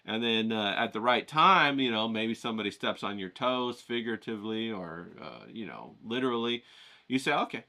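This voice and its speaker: A man hosting a writing challenge, giving an energetic, casual pep-talk lesson full of swearing and storytelling. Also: lowish voice, normal speed.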